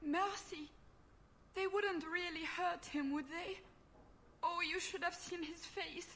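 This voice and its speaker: A woman's voice: very high voice, steady tone, slow pace, a bit bright, slight background noise, full character voice. An actress voicing a fussy, doting aristocratic mother in a video game, with a theatrical manner. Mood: fretful. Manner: fluttery, theatrical, self-pitying.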